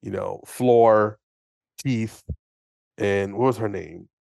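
A low-pitched man talks through a film in an excitable, rambling way, often slipping into quoted lines. His voice sits close and dry on the mic, with no room sound around it. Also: slow, creaky, dry recording. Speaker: podcast co-host. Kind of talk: casual movie review chat.

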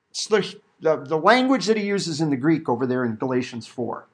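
A middle-aged man preaching a verse-by-verse sermon, animated and acting out the quotes he reads. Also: sits high, a little fast, hardly any pauses. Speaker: pastor.

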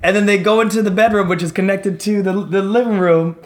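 Swearing, animated man telling stories. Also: high voice, fairly quick. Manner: animated storytelling, heavy swearing. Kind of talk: casual chat. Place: New York.

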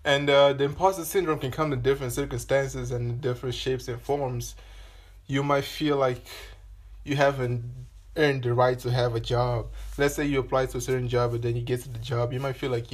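A man's voice: mid-range voice, steady tone, fairly quick. Casual male podcast host, solo monologue, rambling delivery with casual swearing, mid-range voice.

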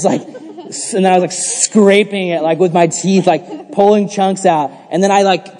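A young man preaches a casual youth sermon in a fairly high voice. He rambles through jokey stories, leaning on "like" and laughing as he goes. The sound rings with the long reverb of a hall. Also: dark tone. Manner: chatty, jokey, lots of "like", laughs while telling stories. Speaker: youth pastor.

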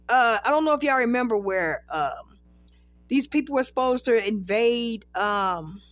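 A woman's voice: medium pitch, no echo. A woman in her thirties hosting a podcast, telling a rambling, profane story in casual chat. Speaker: podcast host.

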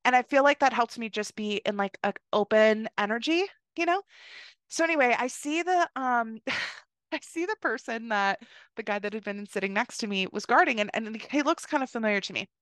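A woman's voice: fairly high pitch, animated, moderate pace, a bit bright, no echo. A young woman from the United States hosting a podcast, telling a story in a casual, chatty way, filling her speech with "like" and "you know.". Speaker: podcast host.

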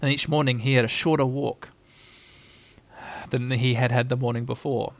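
A man's voice: medium pitch, steady tone, moderate pace. A man reading a children's storybook aloud as narrator. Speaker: audiobook reader.

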